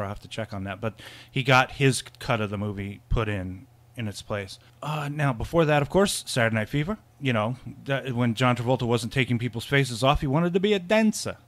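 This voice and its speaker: A man co-hosting a casual film podcast, rambling and laughing often, with many restarts. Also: mid-range voice. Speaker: podcast co-host.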